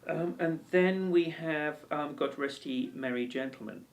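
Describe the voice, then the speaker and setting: Brief: male ukulele teacher, gravelly voice, rambling and encouraging, recorded a little off-mic. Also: on the high side, measured pace, distant mic. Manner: chatty, encouraging, with many ums and restarts. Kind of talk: casual video lesson and anecdote.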